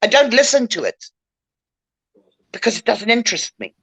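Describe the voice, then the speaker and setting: A woman's voice: on the high side, very animated, moderate pace, a bit bright, breathy edge, no room sound. An older woman talking bluntly and emotionally in a casual chat, calling in to a show. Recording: dull lo-fi line.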